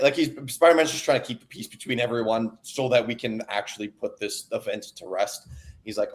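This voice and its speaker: A man's voice: lowish voice, moderate pace, darkish tone. A young man casually recapping a comic book on a podcast, rambling with many fillers and acting out the characters' lines. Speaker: podcast co-host.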